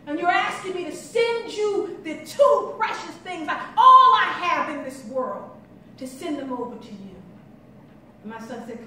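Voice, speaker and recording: Woman keynote speaker, high-voiced and impassioned, recorded off-mic in a roomy hall. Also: moderate pace, sharp tone, a little hiss or hum. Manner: storytelling, rising and falling intensity. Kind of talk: impassioned conference speech. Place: conference hall. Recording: echoey hall from far off.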